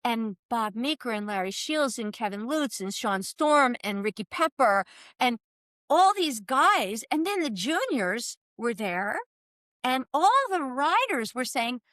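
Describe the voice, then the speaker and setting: A woman in her sixties from the US East Coast, telling animated stories as a guest in a casual chat and laughing often. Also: a little high, unhurried, no echo, clean studio sound.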